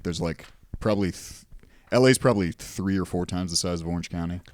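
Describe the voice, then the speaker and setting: A man's voice: low-pitched, brisk. A man from Southern California hosting a podcast, chatting loosely with stammering restarts. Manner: relaxed, laughing, stammering restarts. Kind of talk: casual podcast chat.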